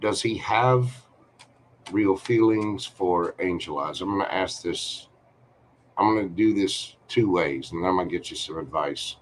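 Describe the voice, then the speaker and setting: A man's voice: deep voice, a little hiss or hum. A man giving a live-streamed tarot reading, talking to the viewer in a chatty, reassuring way. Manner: slow, chatty, reassuring, talks to viewer directly. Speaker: tarot reader.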